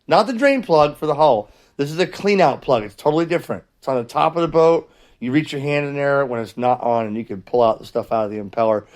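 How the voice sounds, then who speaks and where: Exasperated middle-aged man telling a story. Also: medium pitch. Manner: animated, exasperated retelling with frequent restarts. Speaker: ham radio channel host. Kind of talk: casual storytelling vlog.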